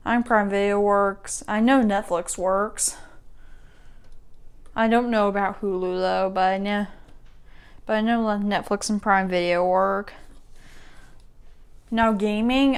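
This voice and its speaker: A woman with a smooth, clean voice talks through a casual tech walkthrough. She rambles and keeps stopping to rephrase and correct herself mid-sentence. Her pitch sits in an ordinary middle range. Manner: rambling, self-correcting, restarts sentences often. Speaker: tech YouTuber.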